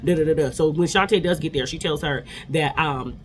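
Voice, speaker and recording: A woman's voice: deep voice, fairly quick, a little hiss or hum. A woman in her forties giving a chatty, opinionated casual recap of reality TV episodes.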